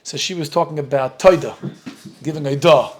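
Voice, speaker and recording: A middle-aged man with an American accent, a rabbi telling lively stories while teaching a Talmud class and acting out the dialogue. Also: a little high, moderate pace. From United States. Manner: animated storyteller, acts out dialogue, laughs often.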